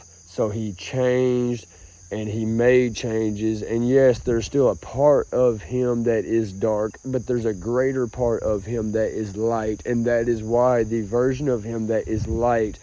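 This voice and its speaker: Young guy, mellow tone, rambling cussing vlog talk outdoors in a field. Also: medium pitch. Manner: rambling, swears often, calls listener bro. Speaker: vlogger. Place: outdoors in a rural grassy field.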